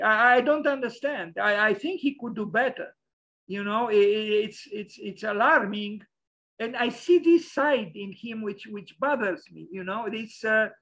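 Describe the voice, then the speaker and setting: A man's voice: high voice, vocal fry, fairly bright tone, poor audio. A man giving an opinionated lecture over slides, hesitant and full of fillers.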